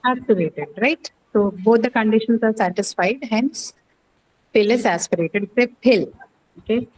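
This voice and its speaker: A woman's voice: on the high side, normal speed, a little hiss or hum, poor audio. A woman teaching English pronunciation in a class, quizzing students patiently with many fillers and questions. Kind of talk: online class lecture.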